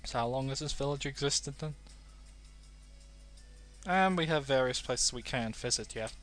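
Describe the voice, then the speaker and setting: A man's voice: mid-range voice, normal speed, a bit bright, soft background music. Playful British man commentating a game. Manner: playful and self-mocking. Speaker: let's play host.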